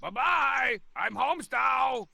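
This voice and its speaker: An actor playing a boastful, scheming cartoon tough guy in a video game, with a gravelly, theatrical voice. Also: very high-pitched, expressive, unhurried, sharp tone, slight background noise, exaggerated voice. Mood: gleeful.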